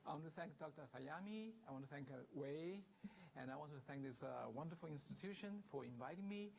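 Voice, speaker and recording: A man's voice: fairly high pitch, animated, fairly quick, creaky, a little mellow, slight background noise, low-quality recording. A man from southern China, a native Chinese speaker, giving an academic lecture with joking asides and frequent "right?" check-ins. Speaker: guest lecturer.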